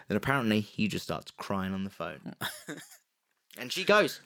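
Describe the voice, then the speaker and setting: A man, casually telling a true-crime story on a podcast, animated and jokey, slipping into quick put-on voices. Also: on the low side, vocal fry. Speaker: podcast co-host.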